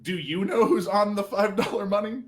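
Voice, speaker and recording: A man's voice: high voice, normal speed, a little hiss or hum. A man doing comic variety patter on a livestream, in a goofy, joking manner. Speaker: comedy variety performer.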